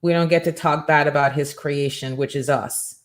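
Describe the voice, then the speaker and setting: A woman's voice: low voice, fairly even intonation, moderate pace. A middle-aged woman hosting a morning show, giving a faith-based motivational talk with an emphatic, preacherly rhythm and repeated rhetorical questions.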